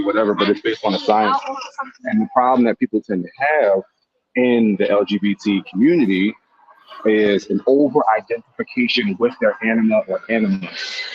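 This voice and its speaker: A man's voice: lowish voice, husky, no echo, lo-fi sound. A man speaking as a guest in a casual live-stream discussion, explaining his ideas earnestly and at length, often repeating words as he goes.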